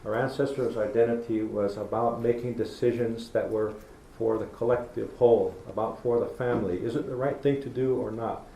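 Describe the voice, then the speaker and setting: A middle-aged man gives a folksy storytelling lecture, his voice gravelly and mellow. He speaks in a roomy lecture hall, and a faint hiss sits under the recording. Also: medium pitch, steady tone, normal speed, hardly any pauses. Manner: storytelling, folksy, acts out talking to kids. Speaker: public lecturer. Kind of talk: public talk.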